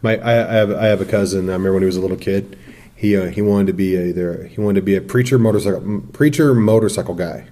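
A man's voice: sits low, fast, dark tone. Male podcast co-host, anecdotal, playful, casual. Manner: anecdotal, chuckling storyteller who acts out quotes. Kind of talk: casual conversational podcast talk.

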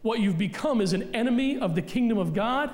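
High-voiced blunt preaching man. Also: expressive, fairly quick. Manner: forceful, blunt preaching with repeated punchlines. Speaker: pastor. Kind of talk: sermon. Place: church sanctuary.

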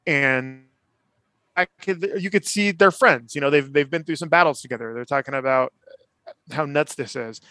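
A man chatting on a podcast about a TV drama, retelling scenes with quick acted-out lines from the characters. His voice sits a little higher than most men's. The sound is close and dry, with hardly any room around it. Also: bright, forceful tone, no echo. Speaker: podcast co-host. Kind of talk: casual TV recap chat.

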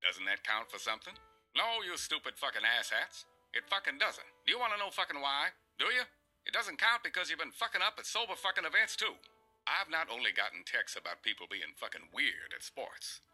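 A man putting on an impression of a famous deep-voiced male narrator, reading a profane rant slowly and gravely as comedy. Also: big pitch swings, bright, forceful tone, soft background music, exaggerated voice, low-quality recording. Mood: mock-grave. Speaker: podcast host. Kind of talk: comic dramatic reading.

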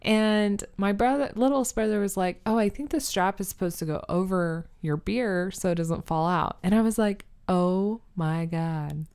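A young woman co-hosting a casual chat podcast, talking in a dry, sarcastic, deadpan way. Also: medium pitch, normal speed, creaky, few pauses, clear, resonant tone. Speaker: podcast co-host.

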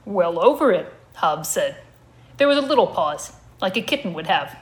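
Woman reading comic prose deadpan. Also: lowish voice, moderate pace. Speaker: comedic reader. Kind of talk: comic story reading at a live show.

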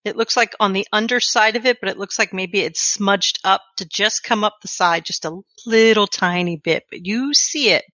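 A woman's voice: mid-range voice, moderate pace, few pauses, bright, forceful tone, no echo, dull audio. A woman narrating a tabletop horror game as game master, describing scenes step by step.

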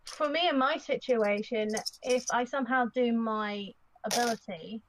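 A woman's voice: fairly high pitch, a bit bright, slight background noise, rough recording. Hesitant female player. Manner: hesitant, halting. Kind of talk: casual tabletop play.

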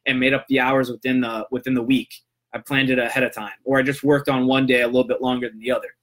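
A man with a bright, forward voice talks through his podcast on his own. He rambles in a relaxed, conversational way, often tagging his points with a quick "right?" His voice sits at a middling pitch. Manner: rambling, loose and conversational, tags lines with "right?". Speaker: podcast host. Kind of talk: casual solo podcast monologue.

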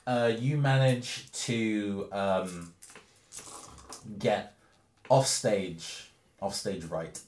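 A man runs a tabletop game, describing the scene in a rambling, relaxed way with plenty of fillers. His voice sits a little low. It sounds like a roomy space with noticeable echo. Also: drawn-out words, long pauses, a little hiss or hum. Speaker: game master.

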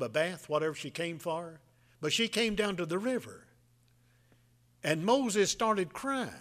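A man preaching a folksy sermon, telling a Bible story in a halting way with many filler sounds. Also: fairly high pitch, fairly bright tone.

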